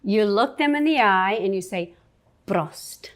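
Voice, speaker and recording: A woman's voice: medium pitch, expressive, normal speed. A woman appearing as a cooking guest, enthusiastic and eager to explain, sometimes dropping in German words. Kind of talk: casual cooking chat.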